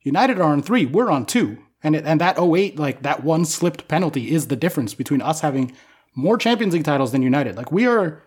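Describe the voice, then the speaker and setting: Young male co-host, slightly high, loose and excitable, swears in casual chat. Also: a little fast, slightly rough. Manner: excited, swears freely, rambling fan talk. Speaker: podcast co-host.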